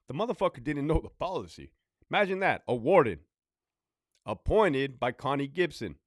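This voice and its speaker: Blunt, profane man ranting, lively pitch. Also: normal speed, no room sound, clean studio sound. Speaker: former prison officer. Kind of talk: casual storytime monologue.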